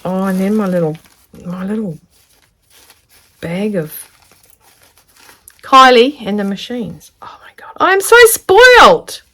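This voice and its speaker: A woman, chatting casually to camera as she unboxes a gift of fabric, gushing and sometimes dropping into soft whispers. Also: medium pitch, takes it slowly, pauses often. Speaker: sewing vlogger.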